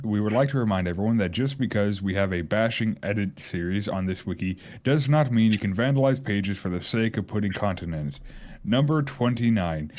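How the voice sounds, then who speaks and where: A man reading rules aloud and bantering on a voice call stream, profane and quick to repeat himself. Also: fairly low pitch. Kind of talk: casual chat on a group stream.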